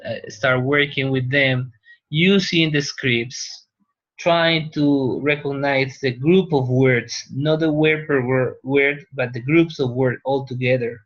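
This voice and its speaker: Lehrer, männlich, Spanisch als Muttersprache, spricht sehr langsam mit vielen Pausen, dumpfe Lo-Fi-Aufnahme im Klassenzimmer. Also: male voice, mid-range voice, fairly bright tone. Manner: unhurried, pauses, checks with "right?". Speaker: teacher. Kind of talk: classroom lecture. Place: classroom. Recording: dull lo-fi classroom recording.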